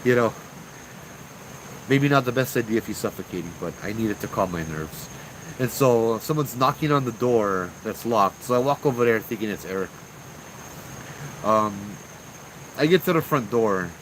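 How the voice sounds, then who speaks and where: A man telling his own ghost story in a casual, slangy, animated way, acting out what people said. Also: lowish voice, moderate pace, long pauses, a little hiss or hum, low-quality recording.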